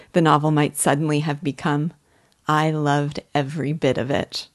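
A woman's voice: low voice, dry recording, clean studio sound. A woman giving earnest, admiring scripted commentary on a classic novel as a literature guide. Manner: earnest, admiring, measured reading.

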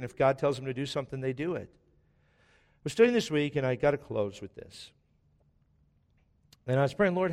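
A man in his forties preaching a sermon as pastor, telling stories with joking asides. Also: mid-range voice. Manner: conversational storytelling with joking asides. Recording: long reverb of a large hall.

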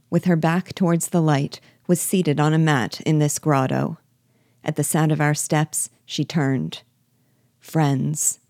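A woman with a low, mellow voice reads a classic novel aloud in a measured, steady way. The sound is close and dry, with no room around it. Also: no echo. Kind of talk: scripted narration of a novel.

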